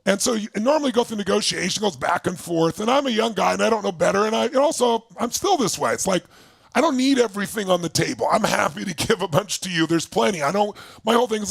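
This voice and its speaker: A man telling a story in an animated, emphatic motivational talk, swearing freely. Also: high-pitched, fast talker, vocal fry, slightly rough, no echo, clean studio sound. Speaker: motivational speaker.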